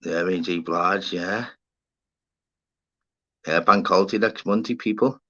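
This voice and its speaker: A man's voice: low-pitched, unhurried, fairly bright tone. A middle-aged Scouse man chatting casually on a livestream, swearing freely and calling his viewers mate and fella. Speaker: livestream host. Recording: slightly dull lo-fi sound.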